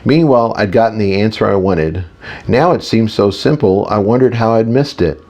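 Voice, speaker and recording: A man's voice: lowish voice, moderate pace, darkish tone, highs cut off. A man narrating a first-person audiobook in a casual tone, with small reading slips.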